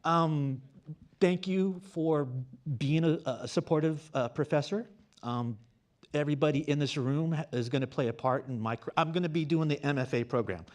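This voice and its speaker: A man in his fifties giving an award acceptance speech on stage, halting and earnest, on the verge of tears. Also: a little high, darkish tone. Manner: halting, full of fillers, earnest. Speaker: award winner and graduate student. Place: on stage at a campus award show.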